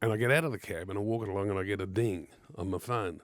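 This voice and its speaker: A man's voice: fairly low pitch, rapid-fire, no echo, clean studio sound. A middle-aged Australian man co-hosting a radio show, telling stories in casual banter with a laugh. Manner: animated storytelling with laughs. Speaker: radio co-host. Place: radio studio.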